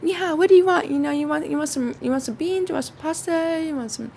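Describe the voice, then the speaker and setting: Woman voicing a warm, fussing hostess pushing food, pitched up high. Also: fast, vocal fry, a little hiss or hum. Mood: eager. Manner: eager, offering, sing-song. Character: warm, doting middle-aged woman hostess.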